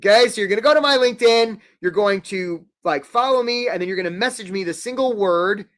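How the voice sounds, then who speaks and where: A man hosting a live career webinar, energetic and jokey, acting out quick little quoted voices. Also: high-pitched.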